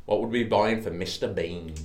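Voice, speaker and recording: A man's voice: lowish voice, brisk, darkish tone. A young man co-hosting a podcast in casual chat, joking and swearing, often slipping into silly voices. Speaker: podcast co-host. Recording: echoey room with faint hiss.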